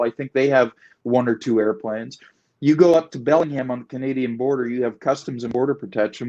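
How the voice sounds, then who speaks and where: A man talking in a political discussion, emphatic and repetitive, building his points in long animated runs. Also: mid-range voice, highs cut off. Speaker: guest. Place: Puget Sound area.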